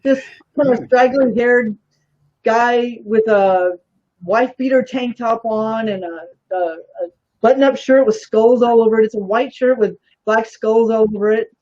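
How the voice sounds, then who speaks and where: A woman's voice: a little high, unhurried. Woman telling a story on a lo-fi recording. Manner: animated, acts out quoted voices. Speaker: guest. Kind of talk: casual anecdote telling.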